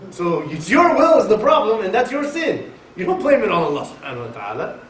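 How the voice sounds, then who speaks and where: A man giving a conversational sermon at a mosque, lecturing in an emphatic, animated way. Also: high-pitched, a little fast. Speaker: mosque speaker. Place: mosque hall. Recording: echoey hall, mic far off, faint hiss.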